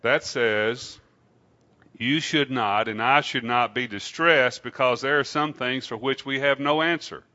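A man preaching a sermon to his congregation in an unhurried, conversational way, often asking them questions. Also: mid-range voice, pushed and bright, lo-fi sound. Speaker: pastor.

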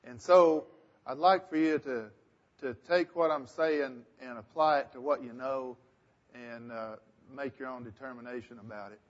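A man's voice: mid-range voice, fairly even intonation, normal speed, dull audio. A man leading a group Bible discussion, thinking aloud and asking the group questions. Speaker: Bible study leader.

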